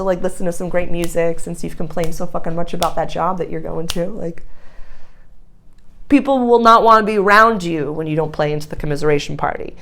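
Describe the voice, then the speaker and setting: Emphatic, effusive woman astrology reader. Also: lowish voice. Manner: emphatic, effusive, swears casually. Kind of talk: casual spoken reading to viewers.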